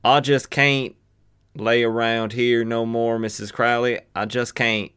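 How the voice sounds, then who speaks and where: A man's voice: medium pitch, level tone, measured pace, fairly bright tone, clear, resonant tone, no echo, clean studio sound, close to an everyday voice. A man voicing a stubborn, wounded gunslinger, putting on a mock Southern US drawl. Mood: insistent.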